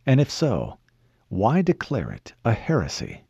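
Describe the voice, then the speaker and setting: A man narrating an audiobook in a measured, expressive storytelling manner. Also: mid-range voice, vocal fry, husky, dry recording, lo-fi sound.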